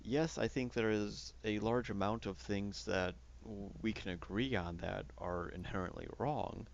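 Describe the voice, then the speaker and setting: Man host, low gravelly voice, rambling casual musings. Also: highs cut off, a little hiss or hum. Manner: rambling, halting restarts. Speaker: podcast host. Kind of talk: casual philosophical chat.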